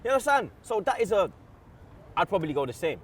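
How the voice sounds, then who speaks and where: A man talking football as a fan pundit in excitable, slang-filled chat, telling stories with loud outbursts. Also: high voice, quick pace, slight background noise.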